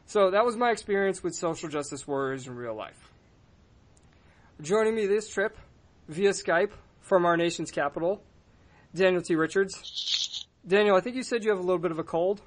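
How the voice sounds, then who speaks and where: Man, podcast host, casual storytelling, profane, animated, slightly high voice. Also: normal speed, long pauses.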